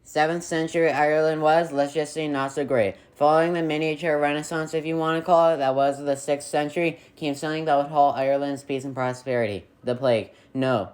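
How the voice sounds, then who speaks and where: A man's voice: fairly high pitch, darkish tone. A man narrating a history video in a scripted way, with playful, sarcastic asides.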